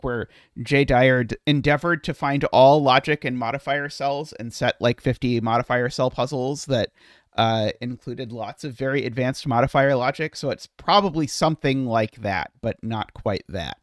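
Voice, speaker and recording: A man streaming a puzzle solve, thinking aloud in a hesitant, muttering way with many filler pauses. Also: mid-range voice, dry recording, clean studio sound.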